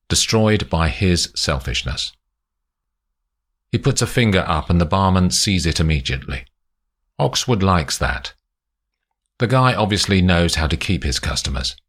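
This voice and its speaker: A man narrating a spy story aloud in a slow, expressive way. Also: low-pitched. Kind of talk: audiobook narration.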